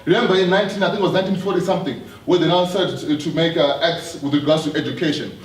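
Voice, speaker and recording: A man's voice: a little high, steady tone, rapid-fire. Earnest man speaking to a hall. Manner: earnest, repeats words, asks the audience questions. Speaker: speaker addressing an audience. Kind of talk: live motivational talk. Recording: roomy hall, distant mic, faint noise.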